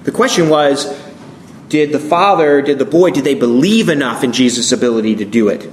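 A man's voice: mid-range voice, brisk, reverberant, a little hiss or hum. A man preaching a sermon as pastor, reading scripture aloud and acting out the quoted voices with feeling.

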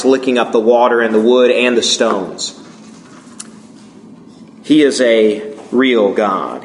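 A man's voice: medium pitch, a bit bright, slight background noise. A man preaching a sermon in a church, earnest and prone to restarting words as he retells scripture stories. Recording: echoey room.

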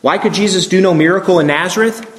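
A man's voice: high-pitched, quick pace, reverberant, a little hiss or hum. A man preaching a sermon as pastor, reading scripture aloud and acting out the quoted voices with feeling.

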